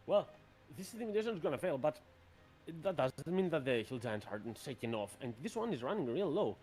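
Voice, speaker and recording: A man running a tabletop role-playing game as game master, narrating the action in a relaxed, brisk way. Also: medium pitch.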